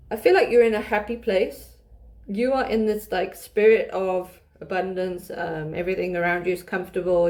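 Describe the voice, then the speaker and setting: A woman's voice: medium pitch, warm tone. Chatty woman giving a tarot reading. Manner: chatty, restarts often, laughs while reading. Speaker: tarot reader. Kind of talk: casual tarot reading to camera.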